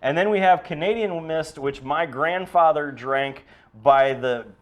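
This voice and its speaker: A man's voice: on the high side, measured pace. A man hosting a loose, joking whiskey-tasting podcast, often restarting his sentences. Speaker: podcast host. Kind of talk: casual chat.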